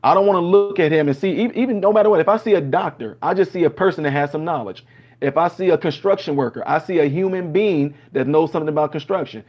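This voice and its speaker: Animated man telling stories, lo-fi sound. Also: fairly high pitch, fast. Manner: animated storyteller acting out dialogues. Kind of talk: casual opinion monologue. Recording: dull lo-fi sound.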